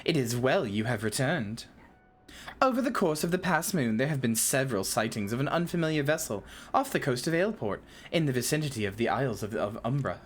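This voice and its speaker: A woman voicing a stiff, formal male naval commodore, reading game dialogue in a stately, measured way. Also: very deep voice, very animated, heavily acted.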